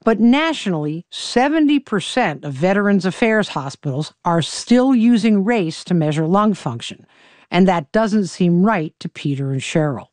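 A woman reporter narrating a news story in a measured, even, scripted delivery. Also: lowish voice, no room sound. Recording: dry close studio voice-over.

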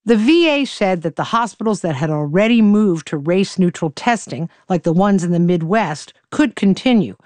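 A woman's voice: medium pitch, no room sound. Woman narrating a radio news feature. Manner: measured, even storytelling delivery. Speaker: reporter. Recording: dry close studio voice-over.

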